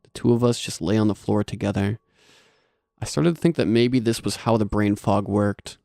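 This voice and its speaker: A man narrating a horror story in a steady, measured read. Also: lowish voice, creaky, no room sound, studio quality.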